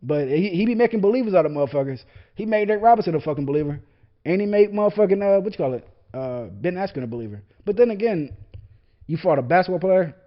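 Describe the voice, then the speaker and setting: A young man with a fairly high voice, rambling through a profane, laugh-filled podcast rant. He swears constantly and keeps losing his train of thought as he jumps between tangents. The audio is dull and lo-fi. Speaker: podcast host. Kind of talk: casual ranting podcast monologue.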